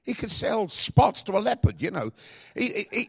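A man pastor preaching a sermon, asking the congregation repeated questions and speaking with lively emphasis. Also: high voice, normal speed, vocal fry, husky.

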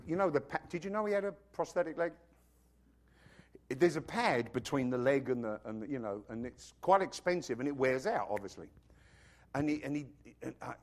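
Animated male preacher, high voice with wide swings, engages the congregation. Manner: animated preaching, asks the congregation questions, acts out quoted voices. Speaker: pastor. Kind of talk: sermon. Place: church.

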